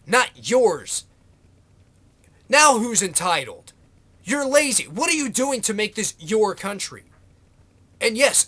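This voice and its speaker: A man's voice: high-pitched, fairly bright tone. A man ranting to camera in a vlog, sarcastic, exasperated and swearing freely. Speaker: vlogger. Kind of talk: political rant to camera.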